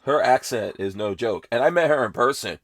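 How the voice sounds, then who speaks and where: Man, mid-pitched voice, dry close sound, relaxed podcast host, easy laugh. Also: fairly quick, dry recording. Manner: relaxed, laughs easily, talks to listeners. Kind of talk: casual chat and show sign-off.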